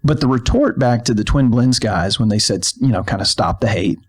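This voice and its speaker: A man's voice: medium pitch, brisk, darkish tone. A man co-hosting a podcast, telling stories in a rambling casual chat full of fillers and restarts, in a filmed studio. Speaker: podcast co-host.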